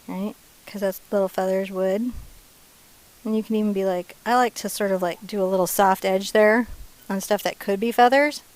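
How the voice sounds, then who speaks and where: A woman's voice: mid-range voice, steady tone, normal speed, low-quality recording. Casting: woman painting instructor, chatty and playful, mid-range voice, casual step-by-step lesson. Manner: chatty and playful, drops into soft asides.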